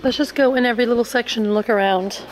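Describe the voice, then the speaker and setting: A woman with a slightly high voice talks fast while vlogging on a handheld camera in a costume store. She's chatty and giggly, a bit congested in the chest, with crowded store chatter in the background.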